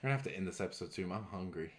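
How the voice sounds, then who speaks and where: A man's voice: low voice, expressive, very fast. A young man co-hosting a podcast, telling stories loosely with lots of fillers. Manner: loose storyteller, filler-heavy. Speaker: podcast co-host. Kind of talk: casual chat.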